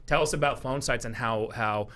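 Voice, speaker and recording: A man's voice: medium pitch, normal speed, fairly bright tone. A man hosting a podcast, asking questions in an enthusiastic, casual way. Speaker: podcast host. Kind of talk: casual chat.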